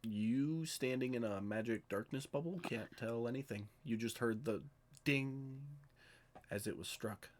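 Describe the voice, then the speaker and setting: A man acting as game master, calmly narrating and giving matter-of-fact rulings in an online tabletop game. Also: medium pitch, normal speed, hardly any pauses.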